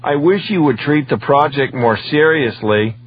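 A man's voice: mid-range voice, animated, a little slow, muffled recording, slight background noise, pitched above the performer's own voice, natural voice. A man putting on a stern, heavy-voiced supervisor. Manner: heavy, reproachful. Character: answering service supervisor, stern stuffy man.

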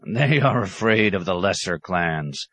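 A blunt, rumbling nomad chieftain , as a man voices him, proud and scornful, with a low voice. He speaks in a storybook audiobook, recorded close and dry. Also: lively intonation, measured pace, a bit bright, slightly rough, no echo, full character voice.

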